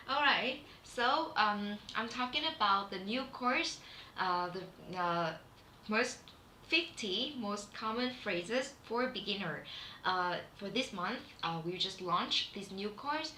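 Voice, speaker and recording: Vietnamese-accented female teacher, bright unhurried delivery, echoey room with faint hum; chatty livestream lesson. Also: medium pitch, expressive. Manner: chatty, with many fillers and restarts. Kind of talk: live-streamed class.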